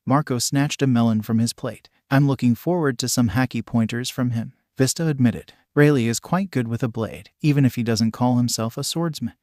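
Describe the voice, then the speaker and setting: A man's voice: medium pitch, darkish tone, no room sound. Man reading a story, dry close sound. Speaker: narrator. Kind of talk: fan fiction read-aloud.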